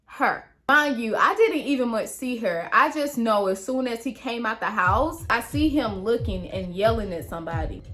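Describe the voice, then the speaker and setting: Young woman vlogger, high voice, lively and slangy, chatty storyteller. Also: normal speed, hardly any pauses. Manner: animated, slangy, addresses viewers as honey and y'all. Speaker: YouTuber. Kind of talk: story time vlog.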